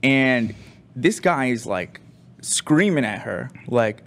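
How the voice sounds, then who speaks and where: A young man tells a story with rambling fillers and animated swings in pitch. He talks casually, like a crew member joking around on a show. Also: takes it slowly.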